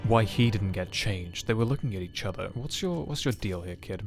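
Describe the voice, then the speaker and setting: A man's voice: lowish voice, animated, moderate pace, music in the background. A man in his twenties streaming a game, chatting casually and joking with his chat in a self-mocking way. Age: 20s. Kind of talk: casual live-stream chat while playing.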